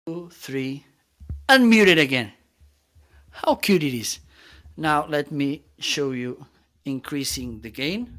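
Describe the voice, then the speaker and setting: A man's voice: fairly high pitch, lively intonation, slow pace, pauses often, bright, forceful tone. A man hosting a livestream, casually demonstrating gear with explanations and frequent check-ins, using slightly non-native English phrasing. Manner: explanatory, often checks in with "okay". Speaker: livestream host reviewing gear.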